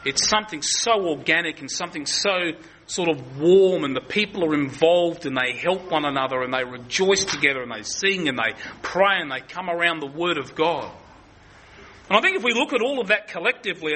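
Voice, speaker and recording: Male preacher, high and bright, earnest teaching sermon, faint hiss behind. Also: rough recording. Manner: earnest expository preaching with frequent restarts.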